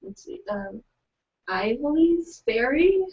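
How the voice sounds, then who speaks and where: A woman's voice: sits high, big pitch swings, slow pace, far from the mic. A young woman co-hosting a live online writing session, chatting casually, hesitant with many fillers and giggles between lines. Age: young adult. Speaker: co-host of a virtual writing event. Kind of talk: casual chat, reading out excerpts. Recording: muffled, from away from the mic.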